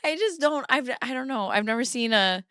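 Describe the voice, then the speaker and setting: A woman's voice: fairly high pitch, lively intonation, a little fast, fairly bright tone, clean tone, no room sound, studio quality. A woman in her thirties hosting a casual livestream, giggly and often breaking into laughter. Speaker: streamer host.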